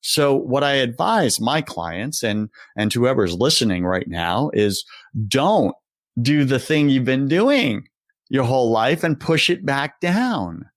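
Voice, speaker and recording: A man coaching as a guest, with a mid-pitched voice and a passionate, preacher-like delivery. His voice is dry and close, with no room around it. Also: big pitch swings, slow pace, no echo. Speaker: executive confidence coach, guest. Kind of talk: casual interview chat.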